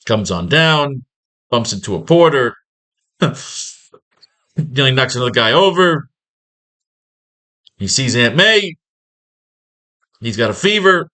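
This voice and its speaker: A man's voice: mid-range voice, sing-song, slow, long pauses, bright, forceful tone. A man teaching a comic-writing class, recapping an old story in a rambling, sarcastic and profane way.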